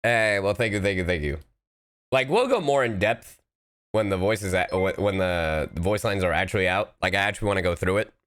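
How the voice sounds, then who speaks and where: A man's voice: low voice, fairly quick, fairly bright tone, clean tone. A man chatting casually on a live stream, playful and a bit goofy, slightly sick with a cough. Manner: playful, goofy asides and repeated phrases.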